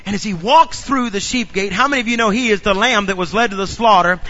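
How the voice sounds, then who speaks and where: High-voiced animated male preacher. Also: fast, hardly any pauses, dull audio. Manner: animated, addresses the congregation with questions. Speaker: pastor. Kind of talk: sermon.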